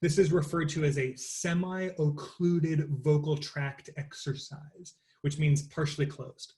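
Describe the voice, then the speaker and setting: A man leading an interactive voice lecture, explaining vocal acoustics casually with many fillers and restarts, and singing cooing warm-up patterns. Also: a little high, fairly even intonation, unhurried. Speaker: voice teacher.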